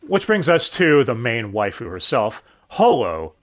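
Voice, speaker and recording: A man's voice: mid-range voice, sing-song, a little slow, fairly bright tone. A man co-hosting a casual podcast, talking animatedly about an anime dub, swearing freely and laughing often. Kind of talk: casual chat.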